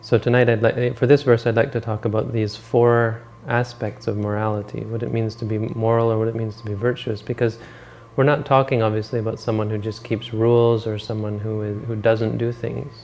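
A man giving a dharma talk, retelling a story in a relaxed, rambling way and correcting himself as he goes. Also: on the low side, brisk, hardly any pauses, a little hiss or hum. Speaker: meditation teacher.

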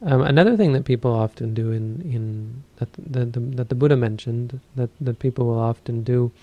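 Gravelly-voiced man giving a dharma talk. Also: medium pitch, moderate pace, dry recording, lo-fi sound. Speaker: Buddhist teacher.

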